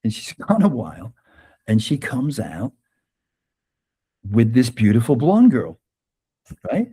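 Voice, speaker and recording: A man's voice: mid-range voice, wildly swooping pitch, slow, warm tone, slightly rough. A man guest on an interview podcast, telling a personal anecdote with frequent laughs and "right?" tags. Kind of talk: conversational storytelling interview.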